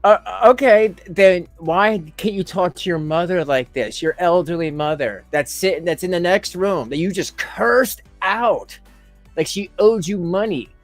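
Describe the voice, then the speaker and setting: A man's voice: high-pitched, a little slow, no room sound, faint music behind. A man streaming a reaction to a video, making sarcastic, rambling comments and laughing often.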